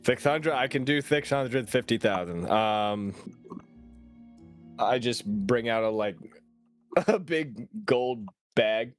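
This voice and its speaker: A man's voice: medium pitch, expressive, slow, pauses often, faint music behind. A man playing a tabletop game, chatty and joking, hesitating with "um" and "I guess". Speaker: player.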